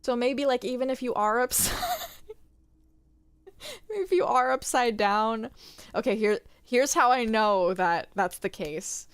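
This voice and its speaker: A woman's voice: on the high side, expressive, slow pace, smooth, no echo. A young woman streaming a game, chatting casually with candid, crude humor and frequent giggles. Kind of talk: casual gaming stream chat.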